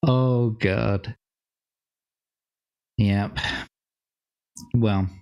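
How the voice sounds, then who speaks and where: Slow-talking man, laughing a lot. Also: mid-range voice, gravelly, darkish tone. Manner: laughs often, swears freely. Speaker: co-host. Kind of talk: casual livestream chat.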